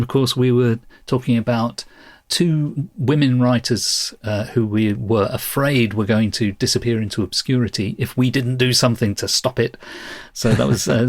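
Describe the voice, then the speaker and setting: A man's voice: medium pitch, no echo. A man co-hosting a podcast, chatting casually and often laughing as he explains things. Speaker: podcast co-host.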